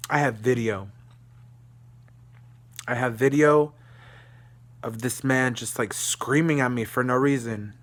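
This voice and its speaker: In his room, a young Texan vlogger from Dallas delivers an emotional, cursing rant to the camera at a slow pace with long pauses. His agitation fades now and then into a quiet murmur.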